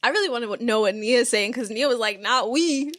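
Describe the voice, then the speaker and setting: Earnest, higher-voiced woman co-host. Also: fast talker, no echo. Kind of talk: casual chat.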